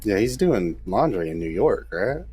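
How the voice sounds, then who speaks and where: A man's voice: on the low side, big pitch swings, normal speed, dark tone, husky, soft background music. A man playing in a tabletop game, making dry, wry remarks. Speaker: player. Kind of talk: casual tabletop game chat.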